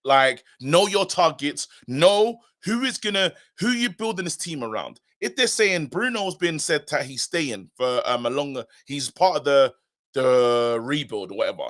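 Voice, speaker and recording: Casting: animated male fan co-host, fairly high, bright voice. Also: moderate pace. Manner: animated, emphatic, repeats himself. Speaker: co-host of a football fan show. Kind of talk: casual live-stream chat.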